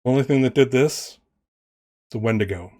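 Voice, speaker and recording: A man's voice: medium pitch, moderate pace, warm tone, natural voice. Man doing a curt veteran monster hunter. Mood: warning. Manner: blunt, warning tone. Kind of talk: tabletop role-play in character.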